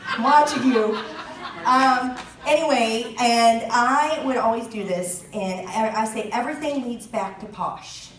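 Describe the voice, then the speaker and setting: A woman's voice: on the high side, measured pace. Chatty joking woman in a roomy hall. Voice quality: chatty, joking, laughs often. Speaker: direct sales team leader giving a training talk. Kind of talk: chatty live presentation. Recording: roomy echo, mic at a distance, faint ambience.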